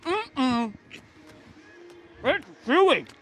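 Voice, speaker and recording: A young man co-commentating a baseball broadcast in casual banter, talking slowly while chewing food. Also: extremely high pitch, sing-song, fairly bright tone, faint music behind.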